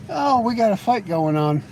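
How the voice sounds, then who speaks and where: A man's voice: very high voice, a little mellow, a little hiss or hum, rough recording. A man hosting a live stream, chatting casually with viewers in a rambling, teasing way, often stammering into restarts. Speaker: livestream host.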